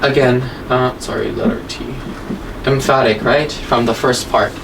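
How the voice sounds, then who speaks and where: A woman's voice: rumbling low, steady tone, unhurried, gravelly. A woman teaching an English grammar lesson, explaining step by step and checking in with "okay?" and "right?" after nearly every phrase. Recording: distant mic with faint room noise.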